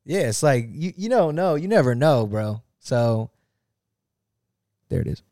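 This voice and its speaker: A man in casual interview chat, an animated storyteller who swears and laughs often. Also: medium pitch, a little slow, no echo, studio quality. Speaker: guest musician.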